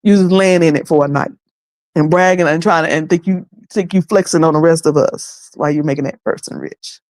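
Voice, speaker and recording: Lively woman livestreamer, dry close sound. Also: deep voice, brisk, no echo. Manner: lively, colloquial and preachy, often laughing. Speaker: livestream host. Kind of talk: casual livestream commentary.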